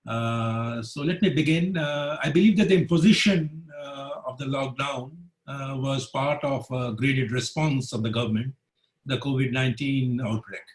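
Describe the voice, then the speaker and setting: A man's voice: medium pitch, moderate pace, poor audio. A man, a newspaper editor on a webinar panel, speaking hesitantly with frequent filler sounds. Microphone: video call.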